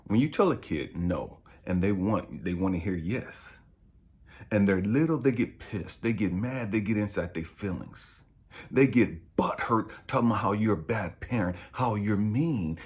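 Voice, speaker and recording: A man's voice: lowish voice, lively intonation, normal speed, a little mellow. Passionate, profane middle-aged man preaching. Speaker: spiritual coach and speaker. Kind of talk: impassioned motivational preaching.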